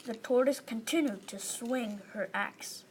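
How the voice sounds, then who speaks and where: A woman's voice: on the high side, measured pace. A woman reading a story aloud as one of several narrators, plain with a few restarts. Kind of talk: group read-aloud narration. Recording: crowd noise behind.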